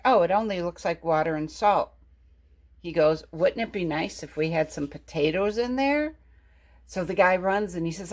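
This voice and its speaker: Woman, home cook, casual chat, homey, rambling, low voice, very slow pace. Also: darkish tone. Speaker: cooking vlogger. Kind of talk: casual cooking chat and storytelling.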